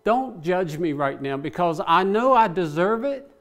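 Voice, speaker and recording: A man's voice: sits high, sing-song, unhurried. A male preacher giving a sermon, praying aloud with passion as he paraphrases scripture.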